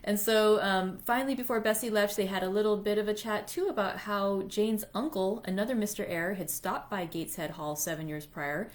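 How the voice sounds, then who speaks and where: A woman's voice: mid-range voice, a little fast, hardly any pauses. A woman hosting a library read-aloud, casually recapping the story so far with chatty fillers. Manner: chatty, uses fillers like "you know".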